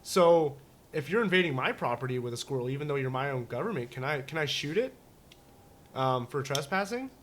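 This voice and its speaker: A man's voice: mid-range voice, animated, brisk, fairly bright tone, a little hiss or hum. A man co-hosting a casual talk show, rambling and joking with many restarts and fillers. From United States. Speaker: podcast co-host. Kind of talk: casual chat.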